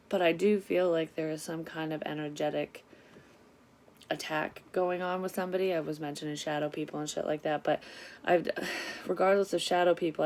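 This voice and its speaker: A woman, a psychic reader telling a story in a casual tarot vlog, candid and quick to swear. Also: sits low, darkish tone.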